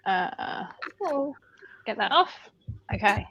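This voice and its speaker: Slow, high-voiced woman streaming. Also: big pitch swings, vocal fry, fairly bright tone, slightly rough, no echo. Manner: slow-paced, laughing, welcoming viewers. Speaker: live stream host. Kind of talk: casual group chat. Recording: dull lo-fi stream audio, faint noise.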